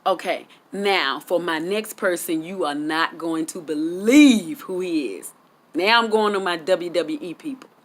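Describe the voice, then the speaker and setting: A woman vlogger telling a casual story to her viewers in chatty vernacular speech. She gets excitable and jumps high in pitch on her punchlines. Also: measured pace. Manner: chatty Southern US vernacular, talks straight to viewers. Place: at home, outdoors.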